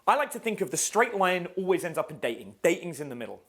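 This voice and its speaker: A man's voice: high voice, very animated, quick pace, fairly bright tone. A man teaching a live dating seminar in a casual, swearing style, quizzing his audience. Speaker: dating coach.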